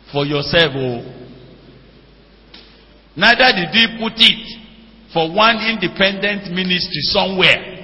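A middle-aged man, preaching a sermon as pastor and putting questions to the congregation. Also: a little high. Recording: dull lo-fi church hall with long reverb.

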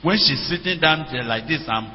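A middle-aged pastor preaching in a slightly high voice, pausing to ask the congregation questions. His sermon rings through a church hall with a long echo. The recording is dull and lo-fi. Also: expressive, slight background noise.

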